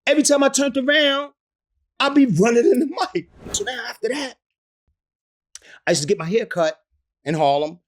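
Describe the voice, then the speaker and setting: A man's voice: extremely high pitch, lively intonation, moderate pace, long pauses. A man, a rapper telling stories in an interview, profane and laughing often. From the Bronx, New York. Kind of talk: animated storytelling in an interview.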